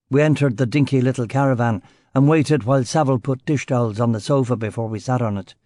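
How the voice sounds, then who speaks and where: A male audiobook narrator reading a hardboiled detective story in short, clipped phrases at a middling pitch. The voice is recorded close on a studio mic with a very dry sound. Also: fast talker, warm tone, no room sound. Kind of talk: first-person detective novel reading.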